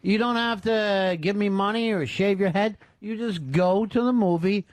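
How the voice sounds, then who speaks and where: A man hosts a talk radio show and trades profane, wry jokes with his co-host and callers. His voice sits a little high, and the studio sound is dry and close. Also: moderate pace, dry recording. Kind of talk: casual radio chat, taking callers. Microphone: studio microphone.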